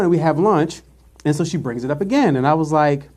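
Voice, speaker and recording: A man's voice: on the high side, brisk, a little mellow. A man co-hosting a casual live-streamed chat show, telling a workplace story with sassy asides. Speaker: podcast co-host.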